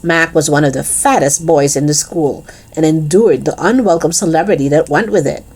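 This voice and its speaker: A woman reading a children's chapter book aloud with expressive storytelling. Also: sits low, normal speed, husky.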